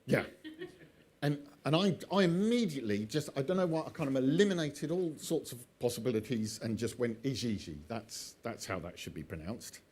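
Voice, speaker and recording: A man's voice: medium pitch, sing-song, normal speed, a little mellow. A man telling an old myth, drifting into chatty asides and laughing often at his own jokes. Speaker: storyteller. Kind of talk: oral storytelling with chatty asides.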